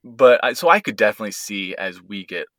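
A man's voice: on the low side, lively intonation, fast talker, a bit bright, dry recording, studio quality. A man in his thirties co-hosting a podcast, chatting easily and rambling a little, often restarting his sentences. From United States. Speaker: podcast co-host. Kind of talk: casual family chat.

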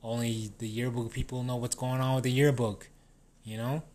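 A man's voice: mid-range voice, flat delivery, normal speed, darkish tone. Casting: man in an unscripted rant, heavy profanity, loose and rambling delivery, mid-range voice. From New Mexico. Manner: swears constantly, rambling, restarts sentences.

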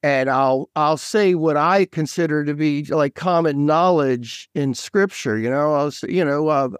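A man with a somewhat high voice talks eagerly as a guest author, jumping between thoughts and restarting his sentences. The sound is dry and close, with no room around it. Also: measured pace, smooth, no echo. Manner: eager, scattered, full of restarts. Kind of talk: casual faith talk.

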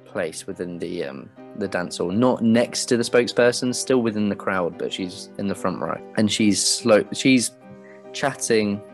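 A man narrating a tabletop game as game master, relaxed and chuckling, with many fillers. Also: fairly low pitch, unhurried, faint music behind.

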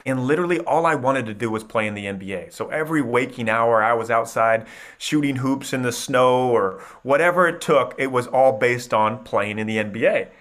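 A man in his thirties from Iowa, telling his life story as a podcast guest in an animated, energetic way. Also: medium pitch, brisk. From Iowa, USA. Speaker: podcast guest, mindset coach. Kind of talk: storytelling interview.

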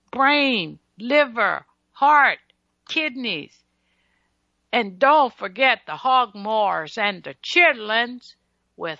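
Female radio health host, slightly high and bright, emphatic and preachy with teasing jabs, dry dull lo-fi broadcast sound. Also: creaky, no room sound. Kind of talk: solo radio health talk.

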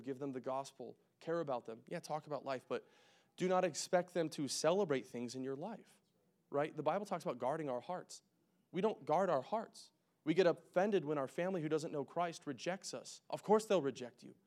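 A young man preaching a casual, conversational sermon, joking and making quick asides as he works through scripture. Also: mid-range voice, darkish tone. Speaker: pastor.

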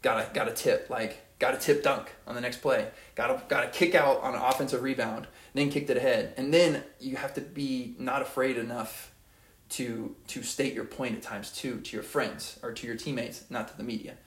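A man's voice: mid-range voice, fairly even intonation, normal speed, roomy sound. A young man giving an earnest, rambling motivational monologue as a podcast host, often repeating his phrases.

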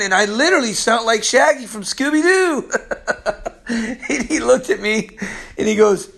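Male pastor, high voice, a bit strained from the weather; casual, conversational Bible teaching. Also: sing-song, a little slow, gravelly, long pauses, fairly bright tone. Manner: loose, chatty, peppered with "man". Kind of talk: casual Bible-study sermon.

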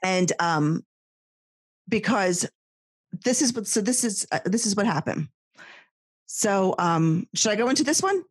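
A woman in her thirties co-hosting a podcast, telling a story in a chatty, animated way in casual conversation. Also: mid-range voice, a little slow, long pauses, breathy edge, no room sound. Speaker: podcast co-host. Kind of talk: casual chat.

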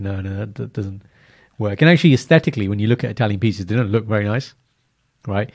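A man co-hosting a podcast in casual, animated chat, laughing and using slang. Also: fairly low pitch, fairly quick, vocal fry, husky. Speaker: podcast co-host.

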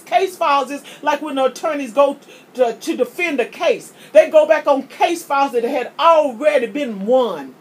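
A woman's voice: high-pitched, expressive, moderate pace. A woman preaching, often repeating words as she builds a point. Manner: impassioned, preachy, repeats words when starting a thought. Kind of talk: sermon.

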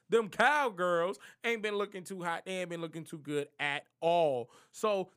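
A young man giving casual NFL game predictions, slangy and animated, trash-talking the teams he doubts. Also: sits high. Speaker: sports prediction vlogger. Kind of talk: casual NFL picks monologue.

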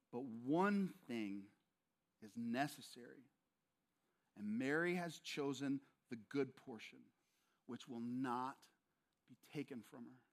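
A male preacher voicing a kind, patient figure who speaks softly and slowly. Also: mid-range voice. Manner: soft, slow and soothing. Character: gentle, calm man speaking kindly.

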